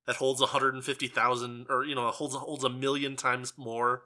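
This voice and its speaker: A man co-hosting a casual podcast who makes quick joking asides and playful reactions. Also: mid-range voice, flat delivery, pushed and bright. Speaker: podcast co-host. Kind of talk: casual chat.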